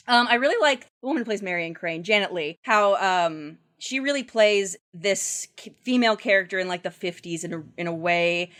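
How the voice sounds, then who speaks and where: A woman's voice: mid-range voice, expressive, normal speed, fairly bright tone. A woman appearing as a guest podcaster, chatting casually about a film and sharing fun facts with frequent fillers and laughter. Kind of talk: casual movie discussion.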